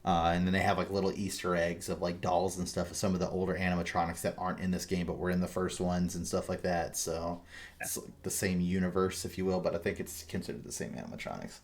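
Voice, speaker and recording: A man with a somewhat low voice chatting as a podcast host. He tells stories in a rambling, animated way and drops curse words freely. The delivery is loose and casual. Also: quick pace, creaky. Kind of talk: casual chat.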